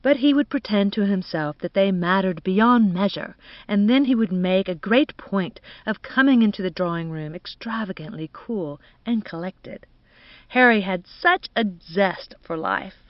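A woman narrating a literary audiobook in an expressive, measured reading. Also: mid-range voice, no room sound. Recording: dull, dry studio recording.

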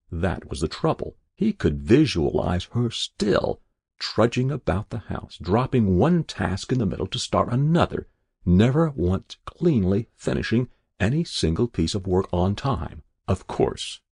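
A man with a very deep, gravelly voice reads a story aloud in measured, expressive narration. His pitch moves in lively rises and falls, and the sound is close and dry. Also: no room sound.

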